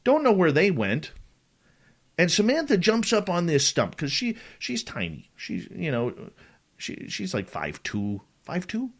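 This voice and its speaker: A middle-aged man hosting a radio show, telling a dramatic personal story in a casual, animated way and acting out the dialogue. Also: high voice, unhurried.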